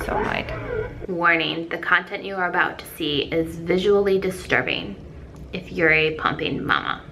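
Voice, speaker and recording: A woman's voice: fairly low pitch, moderate pace. A woman in her thirties talking candidly to a handheld phone camera in a chatty vlog, with lots of "like". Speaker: vlogger. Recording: clear background noise.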